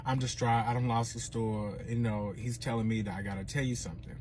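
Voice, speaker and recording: A man telling a personal story in a dramatic, profane, animated way. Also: medium pitch, a little fast, slight background noise. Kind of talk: storytime monologue.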